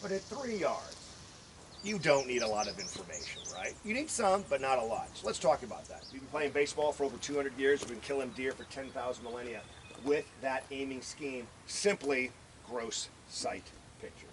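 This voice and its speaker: A man's voice: mid-range voice, lively intonation, normal speed. A male firearms instructor teaching a live class at an outdoor range, joking, swearing and quizzing his students as he goes. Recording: noisy outdoor recording.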